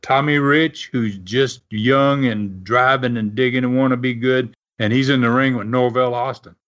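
A man's voice: medium pitch, steady tone, normal speed, fairly bright tone. A man telling wrestling stories on a podcast in a casual, rambling way, full of fillers and restarts. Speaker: podcast co-host and storyteller. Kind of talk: casual storytelling. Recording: dull lo-fi sound.

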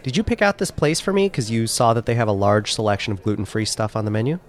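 Man, stuffed-up nose, lowish voice, casual podcast chat, dry humor. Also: quick pace. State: stuffed up from a cold. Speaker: podcast co-host.

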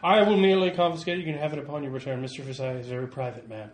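A man's voice: medium pitch, steady tone, racing, natural voice. A man voicing a coolly formal male guard who speaks in clipped sentences, recorded in an echoey room. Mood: stern. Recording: roomy echo.

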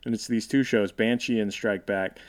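Easygoing podcast host, smooth-voiced man. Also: fairly low pitch, steady tone, moderate pace. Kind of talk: casual podcast chat.

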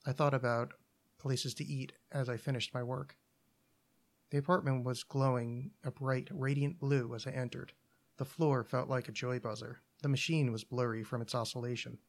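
A podcast host reads a short story aloud. He narrates in an even, deadpan manner at an ordinary middle pitch for a man. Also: moderate pace. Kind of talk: story reading.

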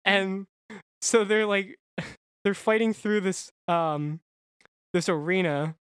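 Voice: medium pitch, takes it slowly, smooth, dry recording, clean studio sound. A podcast co-host casually recapping a comic book, rambling with fillers and frequent laughs.

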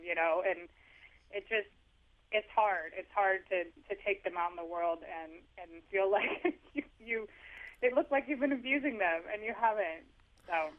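Guy with a high voice telling funny stories over a tinny phone line. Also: measured pace. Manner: chatty, storytelling, self-deprecating humor. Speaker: author guest. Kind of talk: casual phone interview. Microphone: telephone.

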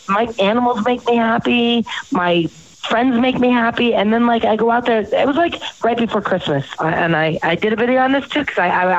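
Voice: mid-range voice, lo-fi sound. A host rambling through profane personal stories in a casual chat.

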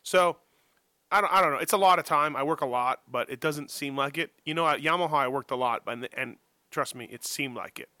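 A man's voice: on the high side, a little fast, sharp tone, dry recording. A man guest on a podcast interview, talking casually and rambling with lots of fillers and restarts, joking at his own expense. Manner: rambling, self-deprecating, many fillers and restarts. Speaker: motocross journalist guest. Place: home office.

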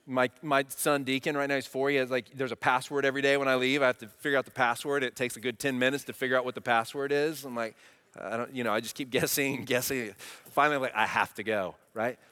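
A man in his thirties preaching a sermon, animated and asking the congregation questions. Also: medium pitch, fast talker, clear, resonant tone. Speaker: pastor. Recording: long hall reverb.

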